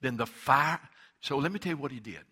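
A man preaching a sermon as pastor, going from quiet explanation to loud, impassioned preaching. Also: medium pitch, expressive, brisk, slightly rough.

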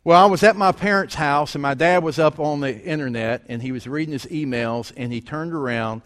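A middle-aged pastor with a slightly high voice preaches fairly quickly in a church sanctuary. His sermon is folksy and conversational, built on stories and rhetorical questions, and the long hall reverb trails after every line.

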